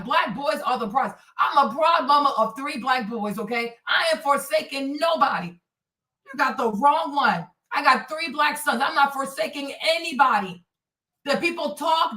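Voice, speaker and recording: A woman hosts a livestream in a fired-up commentary rant. Her voice is high and bright, she swears freely, and she hammers the same phrases again and again. She sits back from the microphone in a roomy, echoing space. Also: normal speed, far from the mic. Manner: animated, profane, repeats phrases for emphasis. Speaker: livestream host. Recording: roomy and off-mic.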